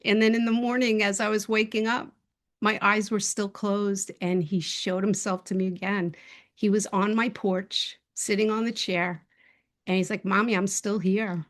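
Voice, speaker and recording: A woman's voice: mid-range voice, little pitch movement, moderate pace. A woman telling a personal story as a guest speaker in a casual, heartfelt way, rambling with many fillers and restarts, over a video call.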